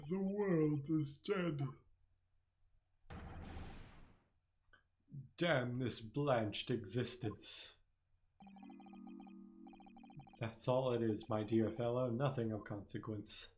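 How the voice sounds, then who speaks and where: A man's voice: mid-range voice, steady tone, measured pace, hardly any pauses, darkish tone, a little hiss or hum, natural voice. A man hamming up a gloomy theatrical detective. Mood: despairing. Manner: grandiose, mournful, overwrought delivery. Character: melodramatic eccentric male detective, theatrical and gloomy. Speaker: streamer voicing game characters.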